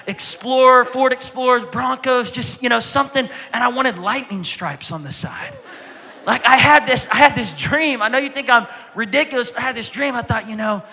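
A man, preaching a sermon as a pastor, telling stories in an animated way and acting out voices. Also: very high voice, in a large hall. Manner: animated storytelling, acting out childhood voices loudly.

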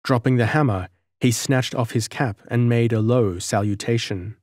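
A male audiobook narrator with a middle-pitched voice, reading at a measured, even pace. The recording is close and very dry, with no room sound. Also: dry recording. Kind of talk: scripted narration.

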